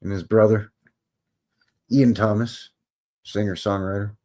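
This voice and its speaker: A man's voice: on the low side, flat delivery, measured pace, mellow. A man hosting a live stream, talking casually over old photos with joking, rambling, wry asides. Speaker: livestream host.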